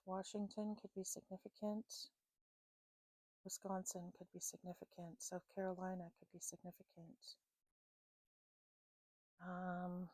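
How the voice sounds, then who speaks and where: A woman with a warm, mellow voice gives an intuitive psychic reading to her viewers. She speaks unhurriedly, fills pauses with "um", and keeps checking in with "okay?". The sound is dry and close, with no room echo. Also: medium pitch. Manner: unhurried, many fillers and "okay?" check-ins. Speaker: psychic reader.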